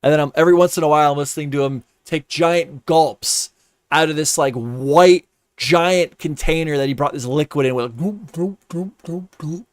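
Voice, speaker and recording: Man, livestream host, casual profane rambling, blunt advice, smooth clear voice, dry close sound. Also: on the high side, moderate pace, no echo.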